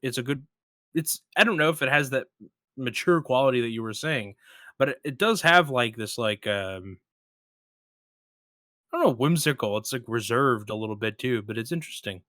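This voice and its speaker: A man hosting a casual interview, talking loosely and getting animated when he retells a story. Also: mid-range voice, normal speed, long pauses, no echo, clean studio sound. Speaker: podcast host.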